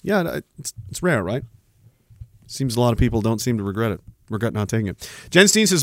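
A man's voice: on the low side, big pitch swings, quick pace, no room sound, clean studio sound. A tired man hosting a podcast, rambling sarcastically in casual chat as he reads out viewer comments. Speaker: podcast host.

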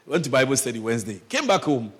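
Male pastor, animated sermon storyteller with a very lively voice. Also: mid-range voice, fast talker, husky.

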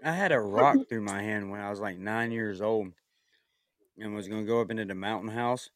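A man's voice: fairly low pitch, brisk, no echo, studio quality. A man co-hosting a podcast, talking in brash, slangy casual chat and arguing contrarian points.

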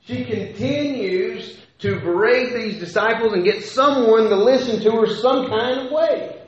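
A man's voice: very high-pitched, measured pace. A man preaching a sermon, talking conversationally with rhetorical questions and frequent restarts. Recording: echoey hall, dull lo-fi sound.

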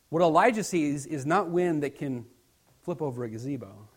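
A male pastor preaching a sermon, swinging between loud emphatic passages and hushed near-whispers, and reading scripture in a slow, declaiming cadence. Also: on the high side, animated, husky.

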